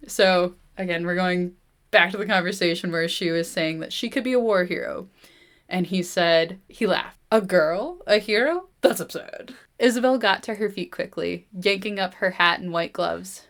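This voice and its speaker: A woman's voice: on the low side, moderate pace. Chatty woman podcast host. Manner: animated retelling, heavy use of "like". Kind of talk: reading a novel aloud and casual book chat.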